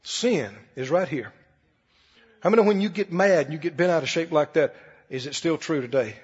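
A husky, high-pitched male preacher delivers a folksy, emphatic sermon, his voice leaping across a wide range. He keeps putting questions to the audience. The recording sounds dull and carries a long hall reverb. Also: animated, moderate pace, darkish tone. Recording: dull echoey hall broadcast.

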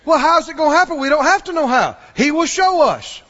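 A man's voice: very high-pitched, very animated, fairly quick, bright, forceful tone. A man preaching a sermon in a folksy way, acting out the voices of the people he quotes. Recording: muffled recording in a reverberant hall.

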